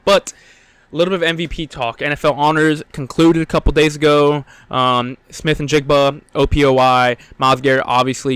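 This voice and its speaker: A man's voice: mid-range voice, fairly bright tone, clear, resonant tone, no room sound. A young man hosting a solo sports podcast, out of breath, rambling with lots of fillers and blunt, profane opinions. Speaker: podcast host.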